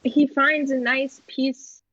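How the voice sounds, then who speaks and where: Woman player, mid pitch, muffled dry call audio, rambles with lots of likes. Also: level tone, takes it slowly, fairly bright tone, dry recording. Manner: rambling, filler-heavy talk. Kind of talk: tabletop role-play.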